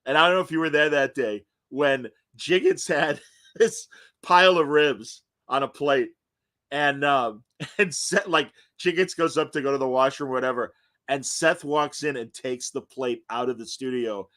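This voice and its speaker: A man's voice: mid-range voice, moderate pace. A man hosting a podcast, chatting casually and telling stories with lots of laughter and acted-out quotes. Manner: animated storyteller, laughs often, acts out quotes. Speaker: podcast host. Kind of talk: casual reminiscing chat.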